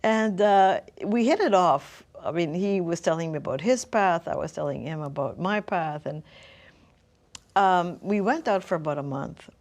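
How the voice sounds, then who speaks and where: A woman's voice: on the low side, expressive, moderate pace, a little mellow. A middle-aged woman telling her personal story as an interview guest, thoughtful and searching for words.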